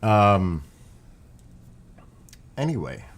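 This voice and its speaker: New York streamer guy, low-ish voice, rambling chatty delivery. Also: very animated, drawn-out words, slight background noise. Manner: rambling, chatty, talks to viewers. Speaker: live streamer. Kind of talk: casual live-stream chat.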